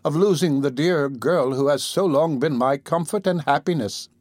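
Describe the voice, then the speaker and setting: A man voicing an anxious elderly aunt who speaks slowly, gently and with a tremble. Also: a little high, no echo, natural voice.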